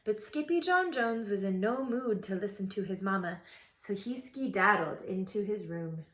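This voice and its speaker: A woman teacher reading a children's picture book aloud with expressive, playful storytelling. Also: medium pitch, moderate pace. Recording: roomy echoey room.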